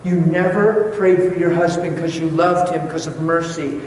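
A man preaching a sermon, telling a story with strong emotion, acting out voices and dropping from loud to hushed. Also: a little high, steady tone, moderate pace. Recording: echoey hall from far off, noisy.

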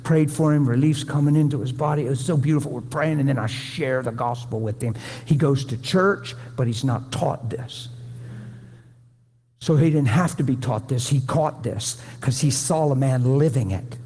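A man's voice: mid-range voice, moderate pace, dark tone, husky. Folksy preacher man in a reverberant hall. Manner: folksy, pleading, conversational. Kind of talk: sermon.

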